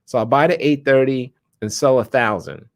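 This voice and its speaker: A man giving a casual, conversational live-stream lesson on trading options. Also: normal speed. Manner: conversational, chatty, lots of "right?" and restarts, animated pitch. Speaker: stock options trader and streamer.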